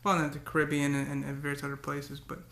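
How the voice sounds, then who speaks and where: A man's voice: fairly high pitch, monotone, fast talker, creaky, pushed and bright, reverberant. A man talking to the camera in a casual, rambling monologue, often repeating words and breaking into cursing rants. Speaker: vlogger.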